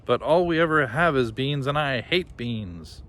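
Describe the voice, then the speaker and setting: A man voicing a grumpy male giant, grumbling loudly through a storybook reading. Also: medium pitch, animated, measured pace, slight background noise, voice pushed up. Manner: grumbling, loud. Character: grumpy huge male giant sick of beans.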